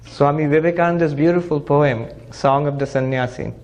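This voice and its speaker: A man's voice: on the high side, normal speed, few pauses, lo-fi sound. A man teaching Vedanta as a monk, telling a parable with acted-out dialogue. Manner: animated storyteller, acts out characters' lines, chants Sanskrit verse. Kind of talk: spiritual lecture with storytelling.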